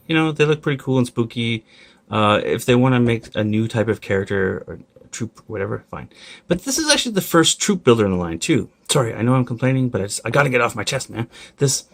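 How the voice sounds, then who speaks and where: A man with a gravelly, creaky edge to his mid-pitched voice, talking casually to camera as a toy collector. He airs his complaints frankly, often breaking off to apologize before carrying on. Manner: candid, complaining, apologetic asides. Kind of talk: casual review vlog.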